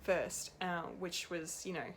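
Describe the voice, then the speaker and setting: A woman's voice: fairly low pitch, measured pace, fairly bright tone, a little hiss or hum. A woman giving an unscripted, rambling and emotional review of a TV episode, laughing often and swearing now and then. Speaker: pop culture reviewer.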